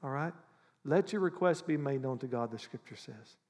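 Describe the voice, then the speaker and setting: A man preaching a sermon as pastor, animated and conversational, often acting out how people pray. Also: medium pitch, normal speed, in a large hall. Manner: animated, acts out prayers in mock voices.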